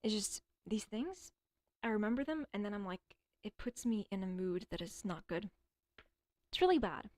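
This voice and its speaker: A woman's voice: medium pitch, normal speed, darkish tone, no room sound. A young woman streaming alone, chatting casually and rambling, swearing often and stuttering at times. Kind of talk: casual livestream chat.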